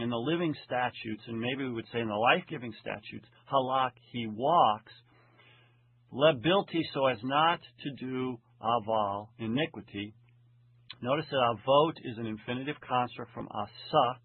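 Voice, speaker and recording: Male Bible lecturer, slow and deliberate with Hebrew readings, husky tone, lo-fi phone-like recording. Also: medium pitch. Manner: slow deliberate reading of Hebrew phrases, frequent "okay?" check-ins. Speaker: Bible teacher. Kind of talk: lecture on Hebrew grammar of scripture. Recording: husky voice over tinny phone-like line.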